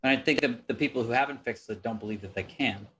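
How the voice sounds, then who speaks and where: A man hosting a conversational interview, relaxed and affirming, with casual swearing. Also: medium pitch, quick pace. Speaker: podcast host.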